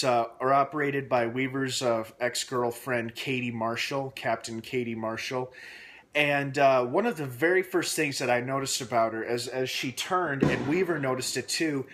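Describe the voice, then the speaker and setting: A man talking at home in an unscripted recap, his delivery loose and rambling with plenty of "uh"s and "you know"s. He gets animated and opinionated as he goes, at a mid-range pitch. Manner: rambling, animated, with frequent fillers and laughs. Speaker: show recap reviewer. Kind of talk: casual spoken episode recap.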